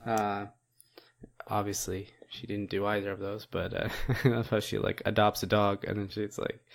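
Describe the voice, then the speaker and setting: A man's voice: fairly low pitch, little pitch movement, moderate pace, gravelly. A man co-hosting a podcast in casual chat, rambling with many fillers and frequent laughs. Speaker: podcast co-host.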